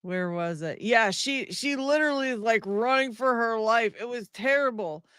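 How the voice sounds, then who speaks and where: A woman hosting a casual video-call chat, talking in an animated, exclaiming way. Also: on the high side, normal speed, clear, resonant tone, no room sound, clean studio sound. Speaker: host.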